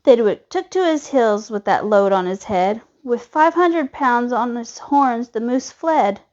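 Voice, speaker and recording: A woman reading a children's storybook aloud in a lively, expressive way. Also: fairly high pitch, measured pace. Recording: dull lo-fi recording.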